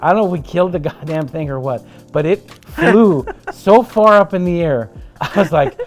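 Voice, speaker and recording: A man's voice: a little high, normal speed, soft background music. A man guesting on a podcast, telling a wild travel story over drinks with lots of swearing. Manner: animated, profane anecdote-telling. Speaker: podcast guest, trial lawyer.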